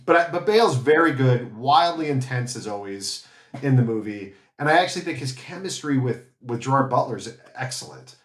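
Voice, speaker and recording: A man's voice: mid-range voice, fairly bright tone. A man guesting on a film podcast, talking casually and hesitantly as he searches for his words. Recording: roomy echo.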